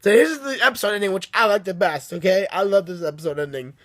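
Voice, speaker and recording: A man with a notably high-pitched voice talks through a story recap in loose, casual fashion. He restarts his sentences often and keeps tagging them with a questioning "okay?" to check in with the listener. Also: quick pace, a bit bright. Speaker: book reviewer.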